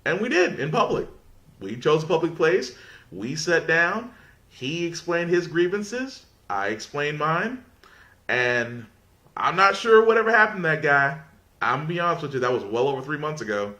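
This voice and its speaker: Male podcast host, bright, forceful tone, loose conversational monologue with restarts. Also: a little high, very animated, moderate pace.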